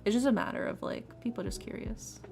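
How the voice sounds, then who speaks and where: A woman's voice: fairly high pitch, fairly quick, creaky, a little mellow. A woman from Texas chatting casually with her viewers while she streams tarot readings. She has an easygoing, rambling way of talking and often restarts words. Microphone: desk mic on a live stream. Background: faint lofi music.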